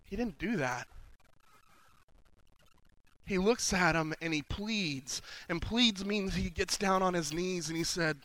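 A man preaching a sermon at a conference, swinging from hushed pleading to loud proclaiming. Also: sits high, slow pace, long pauses, rough recording. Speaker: conference speaker. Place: conference hall.

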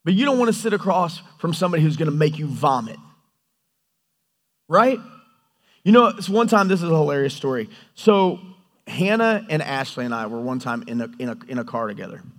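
Animated male preacher with a high voice, in a reverberant hall. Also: a little fast. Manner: animated, storytelling, acts out God's lines. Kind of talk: sermon.

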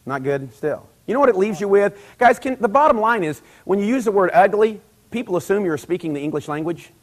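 A middle-aged man delivering a sermon with a slightly raised pitch. He talks to the congregation like a conversation, then pushes hard on key lines. He slips into other people's voices when he retells exchanges. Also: expressive, brisk. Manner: conversational, building to loud emphatic peaks, acts out quoted dialogue. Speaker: preacher.

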